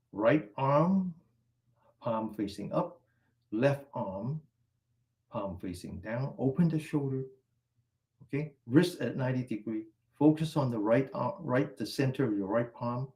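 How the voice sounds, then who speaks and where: A man guiding a qigong exercise class, calmly cueing each stretch and breath step by step. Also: medium pitch, a little slow. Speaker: qigong instructor. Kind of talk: guided exercise class instruction.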